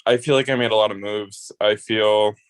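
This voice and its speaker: A man's voice: lowish voice, fairly even intonation, moderate pace, clean tone. A man giving a rambling, heartfelt farewell speech on voice chat as an eliminated player. He swears freely and grows emotional.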